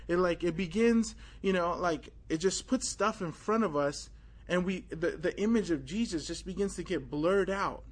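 A young man gives a loose, conversational sermon with a somewhat raised voice. He is animated, full of fillers, and acts out moments of his story with sudden exclamations. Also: high voice. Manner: casual and animated, many fillers, tells story with acted exclamations. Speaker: preacher. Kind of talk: informal sermon with personal story.

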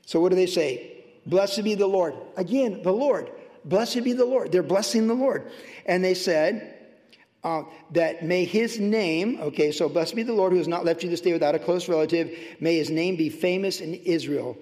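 A passionate man preaching from the pulpit, his voice pitched high and swinging between fervent bursts and hushed, tender asides. The sermon carries a long, ringing church reverb. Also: moderate pace. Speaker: pastor. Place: church sanctuary.

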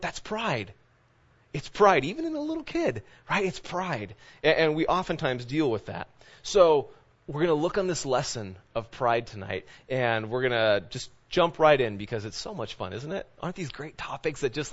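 A man's voice: on the high side, animated, fairly quick, highs cut off. A man who is a pastor, preaching a sermon in a loose, conversational way, full of fillers and asides. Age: adult parent of children.

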